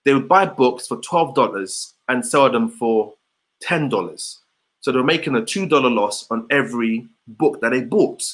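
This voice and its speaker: A man's voice: mid-range voice, normal speed. A man giving an online motivational session over a video call, repeating rhetorical questions to his audience. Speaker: motivational speaker.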